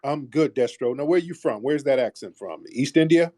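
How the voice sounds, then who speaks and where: A man hosting a call-in audio show, arguing forcefully with callers, repeating himself and cutting them off. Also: medium pitch, animated, moderate pace, dry recording, clean studio sound. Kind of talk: argumentative call-in talk.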